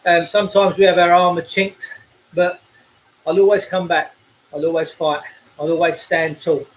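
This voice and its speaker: A man's voice: high voice, flat delivery, moderate pace, a little hiss or hum, low-quality recording. An out-of-breath Englishman, delivering a blunt, preachy livestream rant while cycling outdoors, speaking into a phone.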